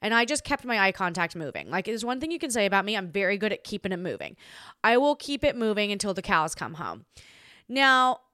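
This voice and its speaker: A young woman talks through a story on her podcast in a loose, chatty way, stacking up "like"s and restarting her sentences. Her voice is smooth and clear, and it is recorded close and dry with no room sound around it. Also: brisk, no echo. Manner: chatty and animated, acts out quoted voices with big pitch jumps; filler-heavy, many "like"s and restarts. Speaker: podcast host. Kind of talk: casual storytelling monologue.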